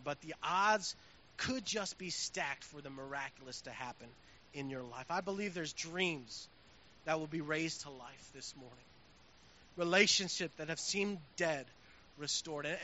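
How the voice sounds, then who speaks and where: Bright-voiced preaching man. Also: a little high, moderate pace. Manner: conversational preaching with swelling emphasis. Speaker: pastor. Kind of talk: sermon. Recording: dull with faint hiss.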